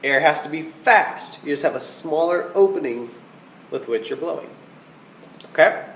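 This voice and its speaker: A man's voice: a little high, animated, moderate pace, fairly bright tone, reverberant, poor audio. A man giving a trumpet lesson, explaining rhythms and counting beats aloud in a patient, explanatory way. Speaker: music teacher.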